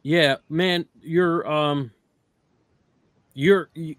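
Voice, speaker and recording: A man's voice: a little high, measured pace, no echo, clean studio sound. A man playing a tabletop horror game, talking casually and chattily with lots of "like". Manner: lively, chatty, full of "like". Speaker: player. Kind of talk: casual role-play chat.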